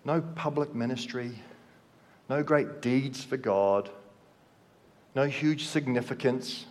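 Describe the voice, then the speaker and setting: Slow preacher in a reverberant hall. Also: male voice, medium pitch. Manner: slow, measured delivery dropping soft at phrase ends. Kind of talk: sermon.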